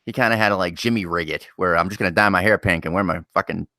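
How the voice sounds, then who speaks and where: A man's voice: low-pitched, quick pace, pushed and bright, no room sound, studio quality. A man co-hosting a podcast in casual chat, swearing often and laughing as he mimics people. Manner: profane, laughing, mimics people in his stories. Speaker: podcast co-host.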